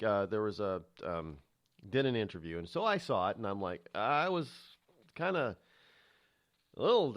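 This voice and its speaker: A man's voice: medium pitch, a bit bright, no room sound, clean studio sound. A man hosting a call-in radio talk show, rambling and self-promoting as he digresses.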